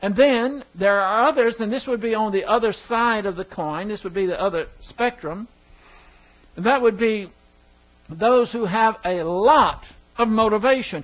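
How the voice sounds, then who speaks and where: A man's voice: sits high, normal speed, lo-fi sound. A man teaching an evening Bible study who often stumbles over words, restarts them, and puts questions to his class. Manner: asks the class rhetorical questions.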